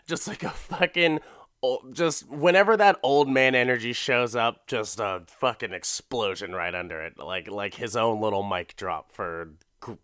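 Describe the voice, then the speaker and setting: In a dry, clean studio recording, a man with a mid-range, bright, forceful, clear, and resonant voice hosts a comedy podcast. He runs through an episode loosely, laughing, cursing, and voicing the characters himself.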